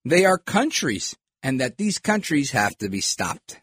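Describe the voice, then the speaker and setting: A man's voice: mid-range voice, very animated, a little slow, fairly bright tone, slight background noise. A middle-aged man hosting a talk show, giving rambling, opinionated political commentary with lots of digressions.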